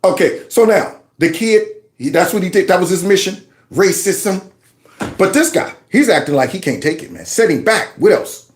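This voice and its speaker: A man's voice: sits high, sing-song, normal speed. A man hosting his own channel, reacting to news clips with mocking, sarcastic commentary and talking back to what he plays. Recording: roomy echo.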